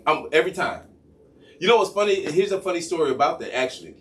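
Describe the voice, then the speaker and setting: A man's voice: a little high, fast, distant mic, a little hiss or hum. A man telling a long profane story in casual chat, acting out the voices of each person in it. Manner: animated, profane, acts out both sides of a story. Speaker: podcast co-host.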